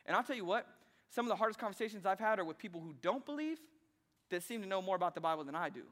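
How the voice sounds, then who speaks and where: A man preaching a sermon as a pastor, talking in an animated, conversational way with sarcastic asides. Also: sits high, rapid-fire. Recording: long reverb of a large hall.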